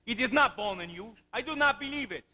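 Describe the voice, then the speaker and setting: A man's voice: very high voice, lively intonation, a little fast, pushed and bright, heavily acted. A teenage boy acting and singing as a heartbroken middle-aged French planter in a school musical on stage. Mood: pleading. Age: late teens. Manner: pleading, emphatic, sung passages. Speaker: student actor in a school musical.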